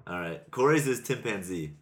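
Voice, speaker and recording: A man hosting a podcast, reading out listener questions in casual chat. He is relaxed and laughs often. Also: fairly low pitch, moderate pace. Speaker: podcast host.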